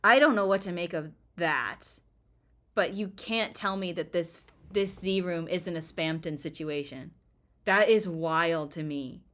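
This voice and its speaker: A young woman streaming a video game, reacting with excited, swearing, laughing commentary. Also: lowish voice, unhurried. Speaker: gaming streamer. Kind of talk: excited casual let's-play commentary. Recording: game music under voice. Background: game music.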